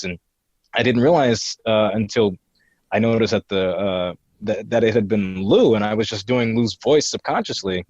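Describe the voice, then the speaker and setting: A man's voice: fairly low pitch, moderate pace, darkish tone, dry recording, dull audio. A young man in his twenties, a guest voice impressionist on a podcast interview, answering hesitantly with many fillers. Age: 20s.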